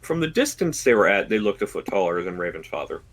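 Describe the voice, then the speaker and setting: A man narrating a tabletop game as dungeon master, describing scenes slowly and deliberately with pauses. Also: on the low side, sing-song, fairly bright tone, low-quality recording.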